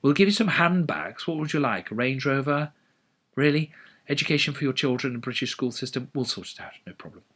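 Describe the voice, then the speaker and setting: Brief: smooth, ingratiating monopoly pleading for favours, put on by a male lecturer. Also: mid-range voice, fairly quick, a bit bright, natural voice. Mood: wheedling. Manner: wheedling, ingratiating. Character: wheedling protected monopoly firm offering bribes.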